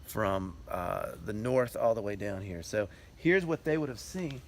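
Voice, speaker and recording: A man's voice: fairly low pitch, sing-song, measured pace. A man explaining things patiently and matter-of-factly to a companion while walking outdoors on a hillside. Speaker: tour companion explaining history. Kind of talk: casual explanatory chat. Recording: outdoor recording with road noise.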